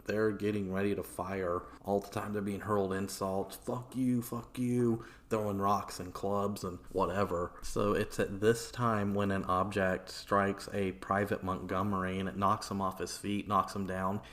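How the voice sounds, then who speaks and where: एक आदमी पॉडकास्ट होस्ट के रूप में अनौपचारिक अंदाज़ में इतिहास की कहानी सुना रहा है, बीच-बीच में गालियों और "like" जैसे भराव शब्दों के साथ।. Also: male voice, low-pitched, level tone, moderate pace, hardly any pauses, a bit bright. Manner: casual, swearing, filler-heavy. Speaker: podcast host. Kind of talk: casual history storytelling.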